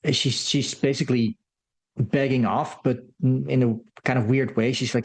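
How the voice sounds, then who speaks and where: A man's voice: medium pitch, fairly even intonation, moderate pace, darkish tone, breathy edge. A man giving a loose, rambling recap of a film's plot, full of fillers and restarts. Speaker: film commentator. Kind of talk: casual film recap.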